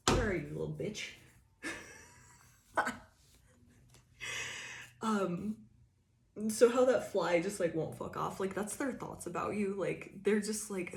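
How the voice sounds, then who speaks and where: A woman's voice: fairly low pitch, unhurried, vocal fry, pauses often, a little mellow, roomy sound. A woman giving a casual tarot reading, rambling and chatty, laughing often and restarting her sentences, indoors by a window. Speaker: tarot reader.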